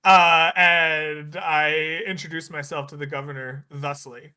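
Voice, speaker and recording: A man playing a tabletop game, playful and quick to laugh. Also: a little high, flat delivery, sharp tone, smooth. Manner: playful, giggly. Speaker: player.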